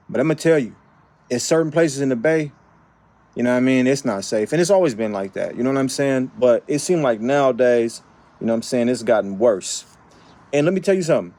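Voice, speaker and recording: A man from the Bay Area telling a personal story in an animated, emphatic way, with frequent tag questions and repeated phrases. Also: mid-range voice. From San Francisco Bay Area. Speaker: vlogger. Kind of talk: casual storytelling.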